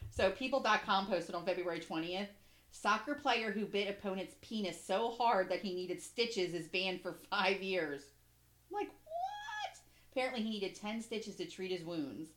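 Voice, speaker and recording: A woman co-hosting a casual podcast, talking in an animated way and swearing freely. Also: medium pitch, moderate pace, roomy sound. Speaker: podcast co-host. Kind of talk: casual chat.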